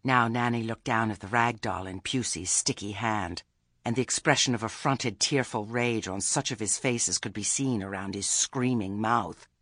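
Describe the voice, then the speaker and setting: A man narrating a comic fantasy story with a wry, expressive reading. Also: fairly low pitch, moderate pace, dry recording. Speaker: audiobook narrator.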